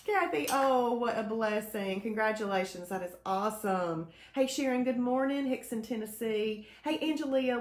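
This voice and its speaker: A woman hosts a live show, cheerfully greeting viewers by name and mixing in devotional teaching. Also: mid-range voice. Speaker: host of a faith-based weight-loss live show. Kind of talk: casual live-stream chat, reading viewer comments. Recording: echoey room.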